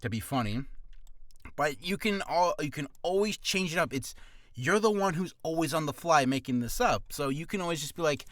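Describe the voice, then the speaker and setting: A man's voice: on the high side, lively intonation, normal speed, fairly bright tone, no echo, studio quality. A young man explaining voice-acting improv in a rambling, self-deprecating casual chat on a home mic. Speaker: voice actor vlogger.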